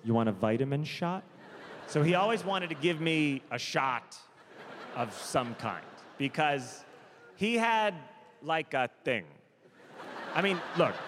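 A man performing stand-up comedy on a large theater stage, telling a story with acted voices, into a handheld mic, audience laughter behind. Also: a little high. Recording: big theater hall with faint crowd noise.

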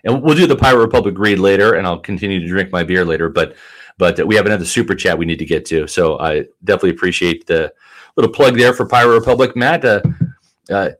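Low-voiced dude hosting a football stream, easygoing, chatty, reads viewer msgs. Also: male voice, quick pace, a bit bright. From Tampa area, Florida. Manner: easygoing, plugs sponsors, chatty. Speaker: sports show host. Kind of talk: live stream sports chat.

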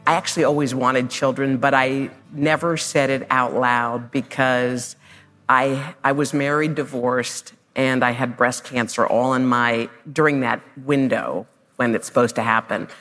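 A woman's voice: extremely low pitch, steady tone, measured pace, a bit bright, long reverb tail, soft background music. A woman TV host telling a personal story on stage, emphatic and heartfelt. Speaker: TV host interviewing. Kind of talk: conversational interview on stage. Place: stage before a live audience.

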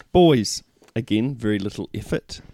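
A man's voice: on the low side, expressive, takes it slowly, gravelly, warm tone, no echo, studio quality. A man co-hosting a podcast in casual chat, teasing his partner and reading out listener questions. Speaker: podcast co-host.

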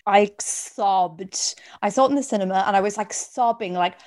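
A woman's voice: medium pitch, moderate pace, a little mellow. A young Irish woman co-hosting a podcast, telling self-mocking stories in casual chat. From Ireland. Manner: chatty, self-mocking storyteller. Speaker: podcast co-host.

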